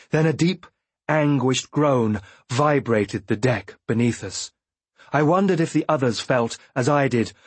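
A man narrating a first-person audiobook in a measured, brooding way. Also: mid-range voice, husky, no echo.

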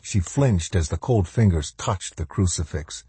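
A man narrating a horror novel in a measured, steady storytelling manner. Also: deep voice, breathy edge, no room sound. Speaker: audiobook narrator.

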